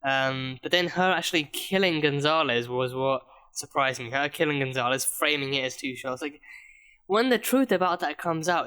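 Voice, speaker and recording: A man's voice: medium pitch, moderate pace, pushed and bright, clear, resonant tone. A man reviewing a TV episode in a casual, rambling way, often stumbling and repeating words as he thinks aloud. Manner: rambling, many restarts and stammered repeats. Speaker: TV reaction reviewer.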